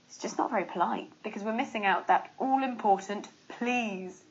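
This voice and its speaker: Young british woman chatting through an english lesson, expressive and playful, audio a bit muffled. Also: medium pitch. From Britain. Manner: chatty and expressive, quick laughs, playful mock examples. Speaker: English teacher. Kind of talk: casual lesson to camera.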